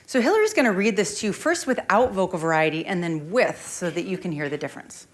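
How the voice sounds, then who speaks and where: A woman presentation coach leading a conference workshop, lively and speaking straight to the audience. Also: on the low side, quick pace. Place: conference room.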